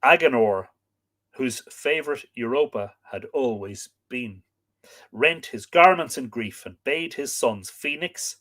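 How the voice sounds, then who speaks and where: A man's voice: mid-range voice, lively intonation, measured pace, a bit bright. A man hosting a live stream, reading old myths aloud, chatting with viewers and stopping to work out pronunciations.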